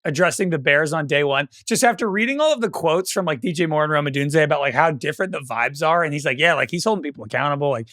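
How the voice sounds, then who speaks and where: A man co-hosting a fantasy football podcast, chatting loosely and thinking out loud. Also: on the high side, expressive, quick pace, few pauses, no room sound, studio quality. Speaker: podcast co-host. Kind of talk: casual sports chat.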